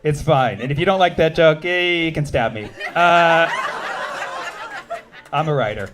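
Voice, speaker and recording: A man's voice: fairly high pitch, measured pace, noisy background. Wry male stand-up comic. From United States. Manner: punchy, wry, teasing delivery. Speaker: stand-up comedian. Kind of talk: stand-up comedy with crowd work. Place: comedy club stage.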